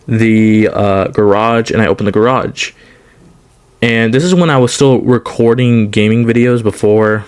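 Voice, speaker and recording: A man's voice: fairly low pitch, clean tone. A young man telling a casual storytime on his channel, rambling with many restarts and fillers. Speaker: storytime YouTuber.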